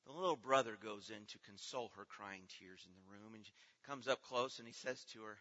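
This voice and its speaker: A middle-aged man preaching a sermon as pastor, earnest, moving between hushed, slow passages and loud, pleading ones. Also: on the low side. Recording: dull sound with long hall reverb.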